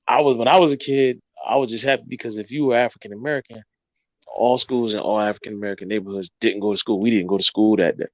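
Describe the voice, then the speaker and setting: A man co-hosting a podcast, reminiscing in a relaxed way with many pauses and fillers. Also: lowish voice, no room sound, highs cut off. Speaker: podcast co-host. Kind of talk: casual chat.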